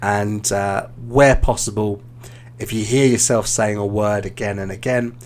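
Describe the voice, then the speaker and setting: Upbeat British English tutor. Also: male voice, lowish voice, a little slow. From Britain. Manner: encouraging, relaxed, many "um" fillers. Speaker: English teacher and live-stream host. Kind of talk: live-stream speaking feedback.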